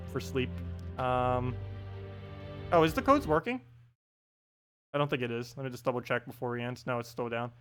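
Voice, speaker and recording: A man's voice: medium pitch, fairly bright tone. A man streaming a game live, chatting casually and playfully, often breaking into laughter. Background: game music.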